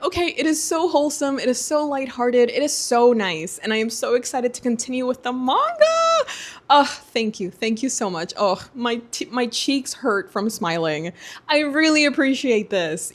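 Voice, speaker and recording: Young woman, slightly high voice, excitable, gushing, casual unboxing vlog. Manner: gushing and excitable, many exclamations. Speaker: booktuber.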